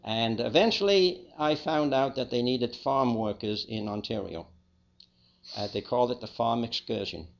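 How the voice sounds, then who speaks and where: An older man with a Liverpool accent, telling his own life story as a testimony in a plain, unhurried, reflective way. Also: mid-range voice, gravelly, lo-fi sound. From England. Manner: plain, unhurried, with small restarts. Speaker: speaker giving a personal testimony.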